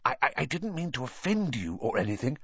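A man's voice: mid-range voice, sing-song, fairly quick, fairly bright tone, slightly rough, dry recording, pitched above the performer's own voice, exaggerated voice. A man voicing a nervous, polite young wizard who stammers and hesitates, in an audiobook reading. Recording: dull lo-fi dry recording.

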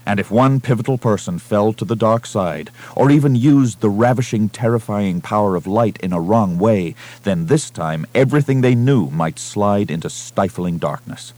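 A man narrating a science-fiction novel as an audiobook reader, with a measured, dramatic delivery. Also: fairly low pitch, a little mellow, dry recording. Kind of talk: scripted narration.

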